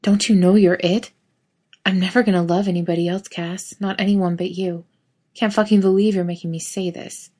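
A woman's voice: lowish voice, steady tone, normal speed, mellow, lightly acted. A woman reading aloud, voicing a hotheaded young male athlete who argues with his boyfriend in a raised, demanding tone. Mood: pleading.

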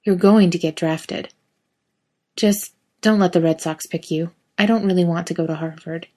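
A woman voicing a quiet, stubborn young man. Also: lowish voice, fairly even intonation, normal speed, close to an everyday voice. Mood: soft. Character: stubborn, anxious young man, soft-spoken.

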